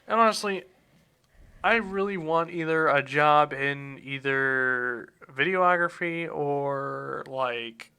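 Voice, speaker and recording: A man's voice: on the high side, takes it slowly, vocal fry, pushed and bright, clear, resonant tone. A young man hosting a student radio show, chatting casually and rambling with fillers and restarts. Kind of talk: casual chat.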